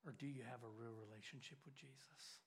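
An older man preaching a sermon, swinging from loud urgent emphasis to hushed, near-whispered lines. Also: medium pitch, fairly even intonation, brisk, husky.

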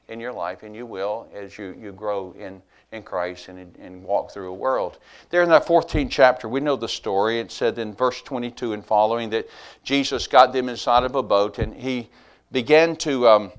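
A middle-aged preacher from Alabama speaks. He tells the story in a homey, folksy way. His voice climbs loud for emphasis, then sinks to a near hush. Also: medium pitch. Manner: animated, folksy, swings between loud and hushed. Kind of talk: sermon.

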